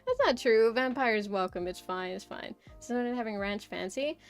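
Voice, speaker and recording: A woman's voice: a little high, normal speed, clean tone, faint music behind. Rambling young woman streamer. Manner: rambling storyteller, lots of "like" and "right?". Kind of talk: casual stream chat.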